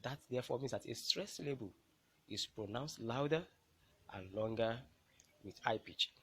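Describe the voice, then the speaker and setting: A man's voice: mid-range voice, lively intonation, sharp tone, slightly rough, poor audio. Man teaching a careful lesson. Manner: measured, explanatory, stresses key words. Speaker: English language teacher. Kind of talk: classroom lecture.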